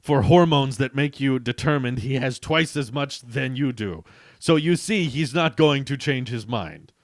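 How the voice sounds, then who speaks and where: A booming strongman hero, as a man reads him out explains things in loud, emphatic lines. The pace is slow and the voice has a gravelly edge. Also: dry recording, studio quality, close to an everyday voice. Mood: earnest.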